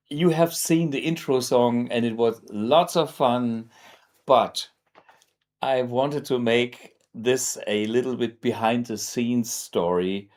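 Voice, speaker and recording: A man's voice: medium pitch, darkish tone. A German man hosting a guitar show, talking casually to camera in English with many fillers and restarts. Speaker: host.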